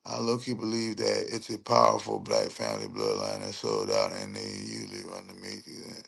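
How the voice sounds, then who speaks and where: A man's voice: sits low, sing-song, creaky, a bit bright. A man hosting a livestream, with casual, slangy commentary that he drags out and laughs through. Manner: slangy, laughing, drawn-out mocking repetition. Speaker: livestream host.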